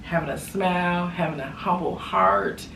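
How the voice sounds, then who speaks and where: A woman chatting in a casual haul vlog, animated and repeating phrases for emphasis. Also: on the low side, normal speed. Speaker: lifestyle vlogger. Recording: echoey room, far from mic, background noise.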